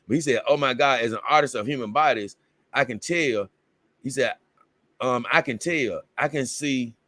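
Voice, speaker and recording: This livestream host speaks at normal speed in a mid-range voice that sounds pushed and bright, recorded dry. Rambling through casual chat, he reads out comments from viewers and has bursts of exasperated bewilderment.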